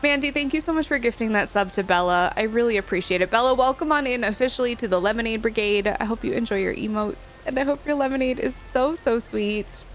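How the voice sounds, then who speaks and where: A woman's voice: on the high side, quick pace, hardly any pauses, slight background noise, low-quality recording. A woman streamer chatting casually on a live stream, gushing and giggly, saying y'all as she thanks her viewers. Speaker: livestreamer.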